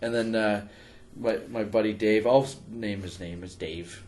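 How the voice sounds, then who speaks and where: A man's voice: lowish voice, steady tone, normal speed, a little mellow. A man hosting a podcast, bantering and laughing with profane asides. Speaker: podcast host. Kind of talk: casual chat.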